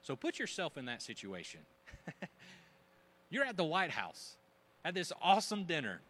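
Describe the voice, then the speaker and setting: A man's voice: on the high side, huge pitch swings, normal speed, fairly bright tone. A man preaching a sermon to a congregation, joking and acting out gossiping voices as he tells the story. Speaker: pastor.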